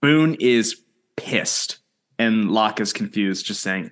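A man's voice: mid-range voice, unhurried. Wry young man recapping a show. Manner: wry, teasing, recaps plot in steady narration. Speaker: podcast co-host. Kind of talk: casual chat and episode recap.

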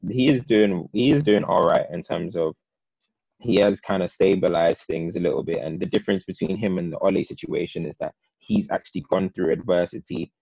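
A man co-hosting a casual football chat, talking in long, animated, opinionated runs. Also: low voice, fairly quick, gravelly, dry recording, highs cut off.

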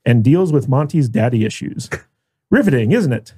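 A man's voice: mid-range voice, big pitch swings, normal speed, dark tone, slightly rough. A man hosting a podcast, reading a sarcastic episode recap in a dry manner. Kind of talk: scripted recap with sarcastic asides.

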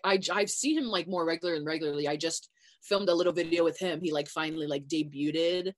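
A young adult woman chatting casually as a guest, full of fillers and quick laughs. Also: sits low. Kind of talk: casual chat.

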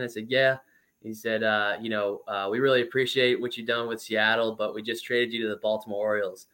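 A man in his twenties, a former pro baseball player, telling stories as a guest in a casual interview, chatty and lively with lots of fillers. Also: fairly low pitch, a little fast.

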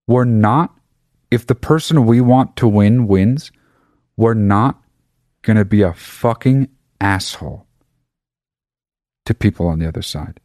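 A man rants to his listeners in a casual monologue, swearing freely and hammering his points home. His voice sits low, and the recording is dry with no room sound. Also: unhurried, pauses often, no room sound. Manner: profane, emphatic, animated. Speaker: podcast host.

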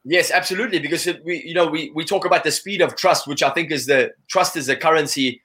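Guy guesting on an interview, talks super quick and bright, lots of "you know"s, kinda high voice. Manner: animated, full of "you know" fillers. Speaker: guest, salesperson. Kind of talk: conversational interview.

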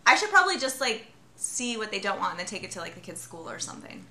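A giggly American woman co-hosting a casual podcast, her voice bright and clear. She talks loosely, full of "like" and little laughs. The room around her is echoey. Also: medium pitch, quick pace, a little hiss or hum. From United States. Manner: giggly, chatty, lots of "like". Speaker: podcast co-host. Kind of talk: casual chat.

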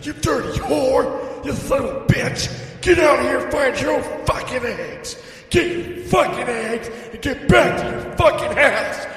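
A man hosting an improvised crude comedy show, hyping it up in a loud, sing-song delivery. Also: extremely high pitch, animated, unhurried, far from the mic, soft background music. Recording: echoey room with long reverb, off-mic.

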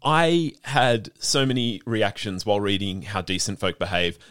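A man's voice: lowish voice, moderate pace, fairly bright tone, no room sound, clean studio sound. Effusive male podcast host. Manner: effusive, openly emotional. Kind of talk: radio interview, scripted intro and chat.

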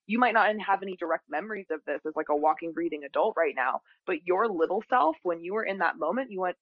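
A woman's voice: fairly low pitch, fast, few pauses, no room sound, phone-quality sound. A woman, a spiritual teacher, talking expressively as a podcast guest and acting out the voices of people she quotes. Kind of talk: conversational interview.

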